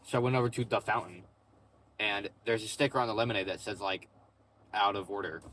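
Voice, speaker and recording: A man's voice: on the low side, fairly quick, a bit bright, slight background noise. Slangy young man rambling in his car. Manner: slangy and loose, says "bro" and "like" a lot. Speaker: vlogger. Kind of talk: casual rambling vlog chat. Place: parked car in a parking lot.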